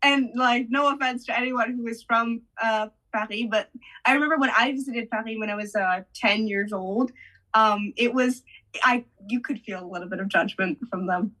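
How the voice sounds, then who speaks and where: A woman's voice: fairly high pitch, moderate pace, sharp tone, low-quality recording. A young woman from the United States, interviewing in a friendly, agreeable way with frequent giggles. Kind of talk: casual interview chat.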